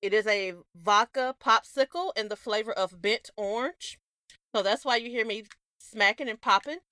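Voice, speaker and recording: A woman's voice: fairly high pitch, normal speed, sharp tone, clean tone, no echo, studio quality. A Southern woman co-hosting a podcast in casual chat, giggly and chatty, with a Southern accent. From American South. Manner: giggly, chatty, laughs often. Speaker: podcast co-host.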